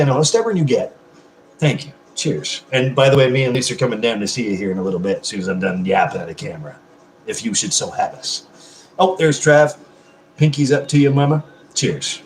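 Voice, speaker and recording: A man in his thirties hosting a casual livestream, chatting warmly with viewers and swearing freely. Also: medium pitch, expressive, fairly quick, roomy sound, a little hiss or hum. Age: 30s. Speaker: livestream host.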